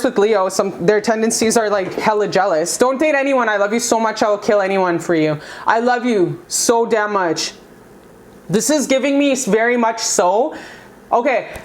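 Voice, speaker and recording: Gushing, slangy young woman tarot reader. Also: on the high side. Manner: gushing, slangy, swears freely, talks to viewers as "you guys". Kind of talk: casual pick-a-card tarot reading.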